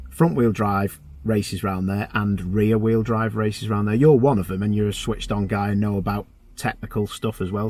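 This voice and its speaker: A man's voice: on the low side, no echo. A man hosting a casual motorsport chat show, chatty and enthusiastic, calling his guests mate. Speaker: host.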